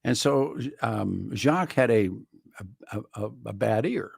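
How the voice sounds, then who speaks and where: A man's voice: lowish voice, expressive, measured pace, vocal fry, slightly rough, dry recording. A man hosting a talk radio show in a studio, delivering a rambling, wry monologue full of restarts. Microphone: studio microphone.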